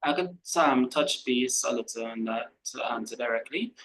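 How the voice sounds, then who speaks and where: A man's voice: medium pitch, moderate pace, a bit bright, rough recording. A man moderating a business webinar over a video call, answering a question in a practical, hesitant way. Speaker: workshop moderator.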